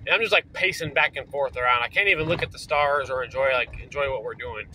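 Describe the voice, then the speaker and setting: A man's voice: medium pitch, fast, sharp tone, slight background noise, rough recording. A man telling a story casually, rambling and swearing, with lots of fillers, recorded in a parked vehicle. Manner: rambling, profane, full of fillers. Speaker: vlogger.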